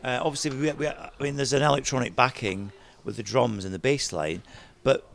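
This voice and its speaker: A man, a DJ guest, telling lively stories in a chat and mimicking other people's voices as he goes. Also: mid-range voice, brisk, creaky, a little hiss or hum. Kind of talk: animated storytelling chat.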